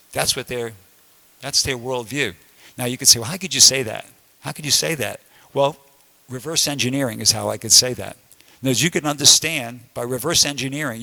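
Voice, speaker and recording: A man's voice: medium pitch, sharp tone. A man giving a conversational sermon-style class in a temple room, with frequent restarts and emphatic asides.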